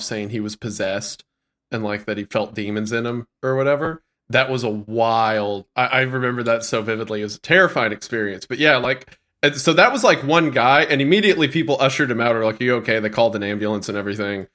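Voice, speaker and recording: A man in his twenties co-hosting a podcast, telling stories in an animated way and laughing often. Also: lowish voice, fairly quick. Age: 20s. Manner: animated storyteller, laughs often, says bro. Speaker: podcast co-host. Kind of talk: casual chat.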